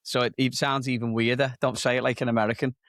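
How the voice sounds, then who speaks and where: A man's voice: medium pitch, flat delivery, quick pace, a bit bright, no echo, studio quality. A man from England hosting a podcast, asking curious questions in casual chat. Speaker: podcast host.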